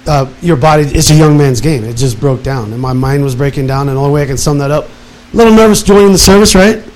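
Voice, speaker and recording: A man in his fifties, retired from military service, tells his life story in casual, animated talk and acts out his own past words. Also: on the high side, fast talker, rough recording. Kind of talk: casual personal testimony.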